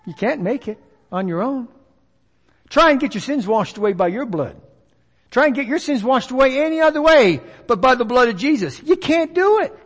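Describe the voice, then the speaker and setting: Animated high-voiced preacher in a hall. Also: male voice, moderate pace. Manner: animated, folksy, acts out voices of others. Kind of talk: sermon. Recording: long reverb of a large hall.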